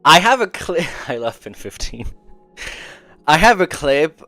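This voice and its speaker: A male game streamer talking in casual livestream chat, swearing freely and laughing between thoughts. His pitch swings widely as he talks. He speaks in an unhurried, drawn-out way. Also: sing-song, sharp tone, dry recording, faint music behind. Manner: profane, chatty, often laughing.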